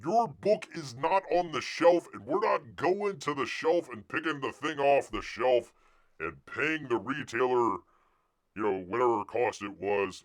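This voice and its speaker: A man hosting a casual live stream, ranting with loud outbursts and muttered asides. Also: mid-range voice, animated, measured pace. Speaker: livestream host.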